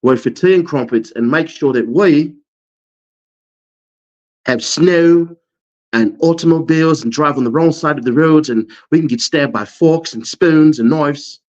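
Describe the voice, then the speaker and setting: A prim, sneering British gentleman, put on by a man in a lower voice than his own. He sounds smug and superior. The audio is dull and lo-fi. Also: unhurried, close to an everyday voice. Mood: smug mocking. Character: smug, posh British man mocking Americans.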